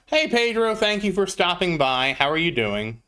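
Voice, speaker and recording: Very animated and high-pitched, this man streams a mobile game and chats casually while greeting chat viewers by name. He talks at normal speed with a sharp tone, and the audio is smooth.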